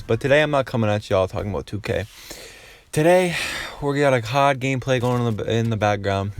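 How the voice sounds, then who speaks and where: A man telling a casual storytime vlog. He rambles, swears freely and leans on fillers and restarts. His voice sits somewhat low. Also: darkish tone, smooth. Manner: rambling, profane, lots of filler. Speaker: YouTuber.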